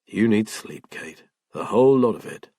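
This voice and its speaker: A man voicing a hurt but steady husband who speaks firmly and with care, in an audiobook. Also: fairly low pitch, normal speed, husky, no echo, clean studio sound. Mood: firm caring. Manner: indignant, then firm and caring.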